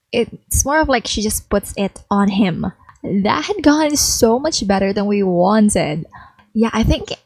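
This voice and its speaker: A woman's voice: a little high, darkish tone, no room sound, poor audio. Chatty young woman narrating gameplay. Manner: chatty, gossipy, frequent "like". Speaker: gaming creator.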